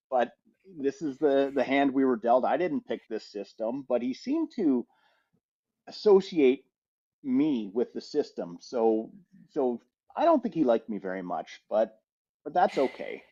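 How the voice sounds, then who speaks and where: A middle-aged man co-hosting a podcast, telling a rambling travel anecdote in a lively, casual way with frequent restarts. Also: medium pitch, unhurried. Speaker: podcast co-host. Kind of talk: casual storytelling. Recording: slightly muffled audio.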